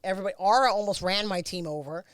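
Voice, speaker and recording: A woman's voice: mid-range voice, rapid-fire, no echo. A middle-aged woman, a former race car driver, bluntly recounting a crash in a candid interview, swearing freely.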